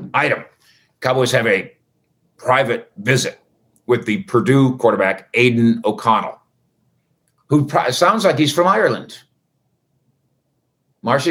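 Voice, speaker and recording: A man's voice: mid-range voice, fairly bright tone. A man hosting a casual sports recap, chatty and wisecracking with rambling asides. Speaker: sports reporter host.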